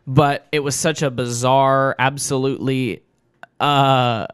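Guy reading out his own story, smooth clear voice, middle pitch, dry close sound, gets ums when he chats. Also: dry recording. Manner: plain steady narration, halting with fillers when chatting. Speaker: storyteller and author. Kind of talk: reading a dark short story, then casual chat.

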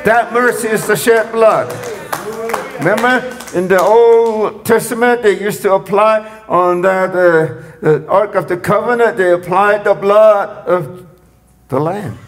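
A man with a high voice preaches a sermon at an unhurried pace. He repeats his phrases and lifts into loud cries when he quotes. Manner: repetitive, rising to shouts when quoting.

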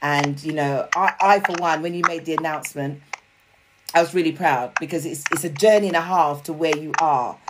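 A woman's voice: sits low, brisk, very noisy. A woman hosting an interview in a chatty, supportive way with many fillers. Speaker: podcast host. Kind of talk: casual interview chat.

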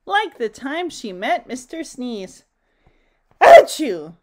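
A woman reading a children's picture book aloud in a gentle, expressive way, chatting to her listeners. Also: on the high side, unhurried. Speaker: storybook reader. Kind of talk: children's story read-aloud.

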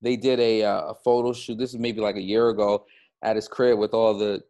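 Low-voiced man rambling in casual chat. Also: level tone, fairly quick, dark tone, dull audio. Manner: rambling, full of "you know" fillers. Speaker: podcast co-host.

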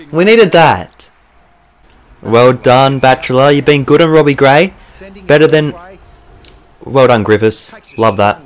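A young Australian man commentating his own football video game as he plays, swearing and getting worked up. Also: a little high. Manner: swearing, excitable, bursts of frustration. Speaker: gaming YouTuber. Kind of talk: let's play commentary.

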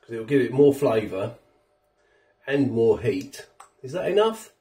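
A man's voice: mid-range voice, sing-song, measured pace, warm tone, echoey room, far from the mic, soft background music. A man with a chatty, rambling manner, reviewing food on his home vlog while he eats. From England. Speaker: food vlogger. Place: home kitchen.

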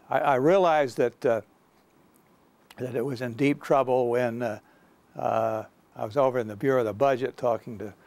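Older man, gravelly voice, mid pitch, halting reminiscing lecture, frequent ums and restarts. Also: darkish tone. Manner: halting, many fillers and restarts. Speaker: guest lecturer recounting experience.

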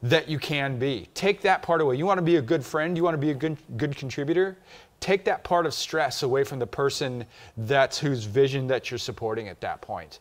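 A man's voice: medium pitch, brisk. Male co-host, casual and jokey, emphatic delivery, mid-range voice. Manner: loose, joking, emphatic. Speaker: filmmaker co-host. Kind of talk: casual podcast chat.

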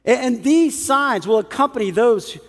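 Animated high-voiced male pastor. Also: normal speed, long reverb tail. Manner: animated, acts out the people in the story. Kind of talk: sermon. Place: church hall.

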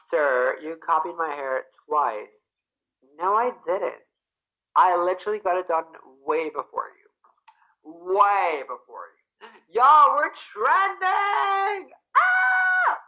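Bubbly, animated young man from Canada. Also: mid-range voice, poor audio. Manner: bubbly and effusive, bursts into squeals. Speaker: livestream host. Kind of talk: casual livestream chat, reading comments aloud.

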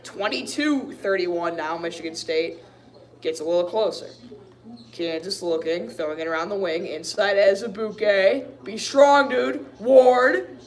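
A man's voice: sits high, unhurried. A man giving a live play-by-play reaction as a frustrated fan, calling plays, venting and saying "dude" often. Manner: excitable, frustrated partisan fan who keeps saying "dude".

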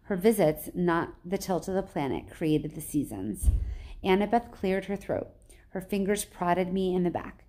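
A woman teacher reading a novel aloud in plain, even storytelling with small slips. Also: fairly low pitch, a little slow.

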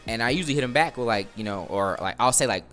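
A man giving casual, rambling commentary over his own video game match, with sudden bursts of excitement during big plays. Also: medium pitch, quick pace, soft background music. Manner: laid-back, rambling storytelling with bursts of excitement. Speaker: gaming video creator. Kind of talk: live gameplay commentary.

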